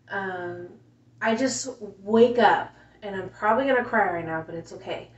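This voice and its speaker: A woman telling a painful personal story in a casual way, softly and emotionally, with many fillers. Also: medium pitch, animated, normal speed. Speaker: mother telling her story. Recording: roomy, distant, dull home recording.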